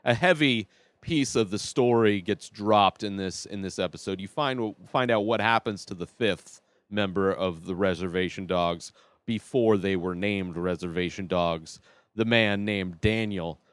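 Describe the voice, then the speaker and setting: A man's voice: lowish voice, clean tone, no echo. A man hosting a podcast, chatting casually and giving his opinions as he reviews a TV series. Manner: chatty and opinionated, thinking aloud.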